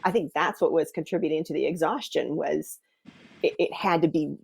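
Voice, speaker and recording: A woman with a slightly low voice tells her story in an upbeat, candid way during a video call interview. She laughs easily while she talks. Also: moderate pace, vocal fry, slightly rough. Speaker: guest client. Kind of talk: casual interview chat.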